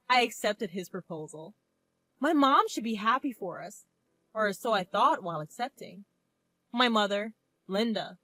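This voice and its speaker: A woman in her twenties narrating a first-person story in a calm, reflective manner. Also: mid-range voice, no echo. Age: 20s.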